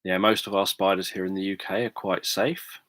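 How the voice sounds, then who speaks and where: A British man speaks in a very deep, bright voice. He explains things calmly to his livestream viewers with little rise and fall, pausing often with ums. The sound is close and dry. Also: no echo. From Britain. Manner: calm, measured, thoughtful explaining with frequent ums. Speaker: livestream host, sleep story narrator. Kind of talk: casual livestream chat.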